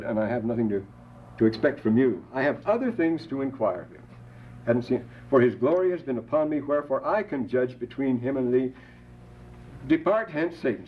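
An older man giving a classroom lecture, digressing with asides and rhetorical questions and quoting scripture with rising emphasis. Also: medium pitch. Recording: dull lo-fi classroom tape with faint hiss.

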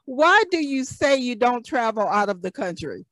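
A woman's voice: on the high side, big pitch swings, moderate pace, fairly bright tone, no echo, poor audio. A woman hosting a morning radio show, asking a guest questions and laughing along.

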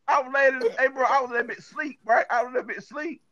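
A high-voiced man tells a rowdy, profane story on a podcast, looping back over his own words as he goes. The sound is dull and lo-fi. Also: racing, over a noisy crowd. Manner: animated, profane storytelling with lots of repeats. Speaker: podcast host. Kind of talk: casual storytelling chat.

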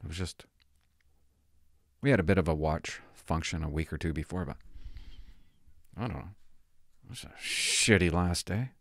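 An older man, a retired police officer, telling rambling, candid stories to his viewers in casual talk, swinging between loud asides and hushed remarks. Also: low voice, normal speed, long pauses, no echo, studio quality.

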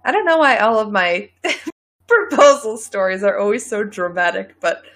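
Young woman gabbing on a podcast, giggly, playful, mid-pitched, hams it up when she tells a story. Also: animated, normal speed, fairly bright tone. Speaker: podcast co-host. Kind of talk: casual chat.

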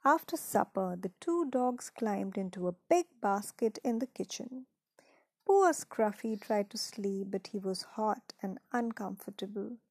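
A woman reading a children's story aloud in a gentle, unhurried way, dropping into soft whispered asides. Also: mid-range voice, lively intonation, slightly rough, no room sound.

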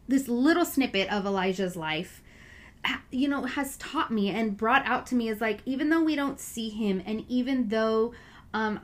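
Woman, casual Bible talk, earnest and chatty, a touch high-pitched. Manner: chatty, earnest, full of "you know" and "like". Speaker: Bible study speaker.

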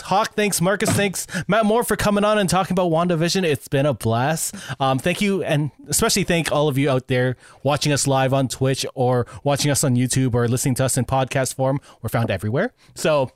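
A man's voice: a little high, a little fast, few pauses, no echo, studio quality. A man hosting a podcast, chatting casually and cheerfully thanking guests and listeners. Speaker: podcast host. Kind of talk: casual podcast chat and outro.

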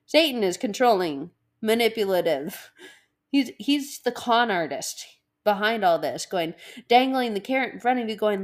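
A woman talks casually about faith in a relaxed devotional style. She is animated and acts out inner voices as she goes. She laughs often. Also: medium pitch, moderate pace.

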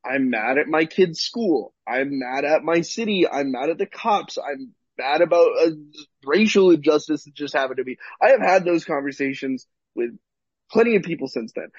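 A man co-hosting a podcast, an animated storyteller in casual chat who swears freely. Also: fairly high pitch, moderate pace, slightly rough, no room sound, muffled recording. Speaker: podcast co-host.

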